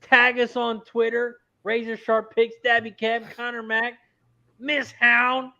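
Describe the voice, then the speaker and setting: A man hypes up the chat on a live sports betting stream, rattling off plugs and shout-outs. His voice is very high and piercingly bright. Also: completely flat delivery, takes it slowly, dull audio. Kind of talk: casual banter and stream promos.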